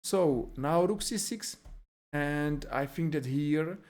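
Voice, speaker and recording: A man's voice: on the high side, slow pace, darkish tone. A man analyzing a chess game move by move, calling out each move with frequent fillers and simple, non-native phrasing. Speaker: chess commentator.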